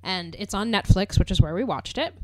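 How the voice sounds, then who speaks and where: Relaxed female podcast co-host. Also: medium pitch, brisk, no echo. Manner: relaxed, filler-heavy, laughs along. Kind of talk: casual chat.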